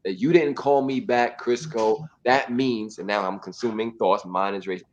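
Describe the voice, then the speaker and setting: A man's voice: fairly low pitch, steady tone, moderate pace, highs cut off, a little hiss or hum. A man hosting a casual relationship talk show, playful and acting out examples. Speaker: host and relationship author. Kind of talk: casual podcast chat.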